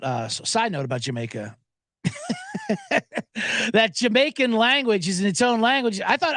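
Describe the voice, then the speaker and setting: In a dry, studio-quality recording, a man with a high, slightly bright voice hosts a sports betting podcast. He delivers casual rambling commentary that's jokey, profane, and full of tangents.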